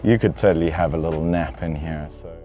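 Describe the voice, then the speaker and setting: A man's voice: a bass voice, fairly quick, warm tone, muffled recording, faint music behind. A young man hosting a comedic car review from a car's back seat, in a playful, mock-pampered way. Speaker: host reviewing a luxury car.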